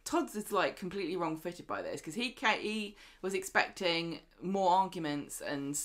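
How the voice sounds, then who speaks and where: A chatty woman co-hosting a laid-back recap, her voice sitting a bit low. She keeps slipping into animated snippets of dialogue as she tells it. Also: normal speed. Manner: chatty, acts out characters' lines in animated bursts. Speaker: podcast co-host. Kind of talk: casual soap recap chat.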